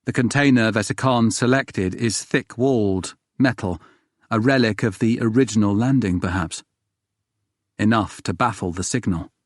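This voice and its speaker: A man reads a first-person story in an even, measured way. His voice sits a little low, and the sound is close and dry with no room echo. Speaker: audiobook narrator. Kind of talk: scripted first-person narration.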